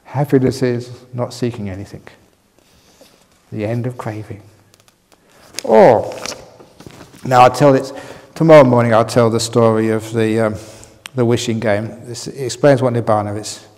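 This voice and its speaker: A man's voice: mid-range voice, a little slow, pauses often, darkish tone, big-room sound. A man teaching at a meditation retreat, answering questions in a humorous, playful way and laughing often. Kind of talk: dharma talk answering questions. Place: retreat hall with long reverb.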